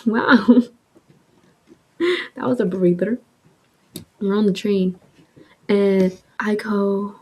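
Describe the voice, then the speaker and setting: A woman in her twenties telling a story in a chatty, animated way, filling her talk with "like" and swearing. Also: mid-range voice, very slow, pauses often, breathy edge, low-quality recording. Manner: chatty, heavy use of "like", swearing, animated retelling. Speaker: vlogger. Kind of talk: casual storytime with soft ASMR eating.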